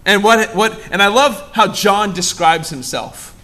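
A man's voice: animated, measured pace, bright, forceful tone. A man preaching a sermon to a congregation in a church, acting out the lines of the story with dramatic swings and asking the room questions. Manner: dramatic, acts out quoted lines with big shifts in pitch and volume; asks the congregation direct questions. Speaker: pastor.

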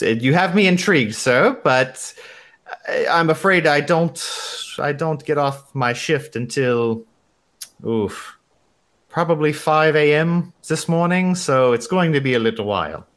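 A man's voice: mid-range voice, lively intonation, unhurried, fairly bright tone. A man voicing a polite young female hotel receptionist in a mock German accent, formal and apologetic. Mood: prim.

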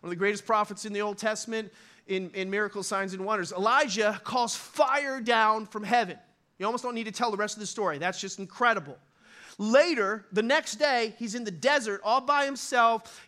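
Bright, high-voiced animated male pastor. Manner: animated, conversational, acts out quick voices. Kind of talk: sermon.

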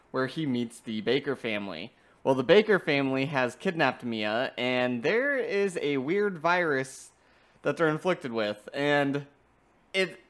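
An enthusiastic podcast co-host recaps a game plot in loose, chatty speech full of fillers. The voice sits at an ordinary middle pitch. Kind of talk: casual game review chat.

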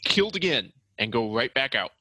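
A man's voice: medium pitch, very animated, fairly quick, crowd noise, poor audio. A man chatting casually on a podcast, hesitant with many ums and uhs. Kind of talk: casual chat.

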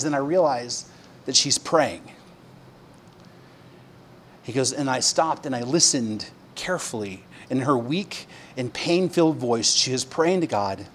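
A man preaching a sermon, conversational with fillers, dropping to a hush and then rising to emphatic peaks. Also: a little high. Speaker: pastor.

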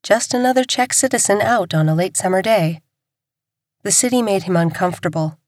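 A woman reading a crime novel aloud in a measured, steady storytelling manner. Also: mid-range voice, dry recording, clean studio sound. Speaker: audiobook narrator. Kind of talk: scripted narration.

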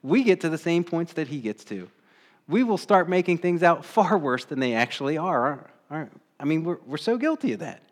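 A man's voice: on the high side, sing-song, a little fast. A male pastor preaching a sermon in a conversational way, asking the congregation rhetorical questions and acting out quoted voices with bursts of energy.

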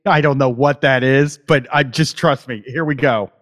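A man's voice: mid-range voice, fairly even intonation, moderate pace, a bit bright. A man hosting a casual talk show, exasperated and profane, laughing often. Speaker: podcast host. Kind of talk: casual chat.

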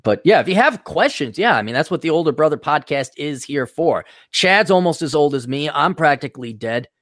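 A man's voice: on the high side, lively intonation, brisk, a bit bright, dry recording, clean studio sound. A middle-aged man with an Upper Midwest American accent, hosting a casual podcast chat in a rambling, wisecracking way. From Milwaukee, US. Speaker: podcast host.

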